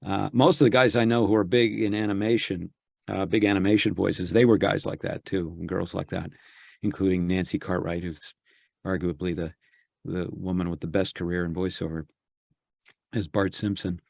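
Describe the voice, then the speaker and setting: A man's voice: sits low, fairly even intonation, normal speed, vocal fry, no echo. A man being interviewed as a voice actor, talking in a reflective way and thinking aloud with frequent restarts. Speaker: guest, voice actor. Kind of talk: casual interview chat.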